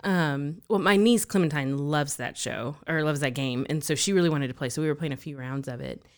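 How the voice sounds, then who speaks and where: A woman's voice: low-pitched, brisk. A woman co-hosting a podcast, telling chatty stories and laughing often. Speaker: podcast co-host. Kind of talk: casual chat.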